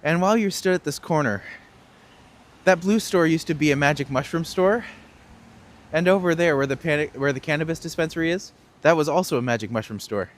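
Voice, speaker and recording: A man's voice: fairly high pitch, a little fast. A young man streaming a walking tour outdoors in the cold, chatting casually and answering viewers' questions with jokes. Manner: casual, joking, reads out and answers chat questions. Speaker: tour guide. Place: outdoors on cold city streets.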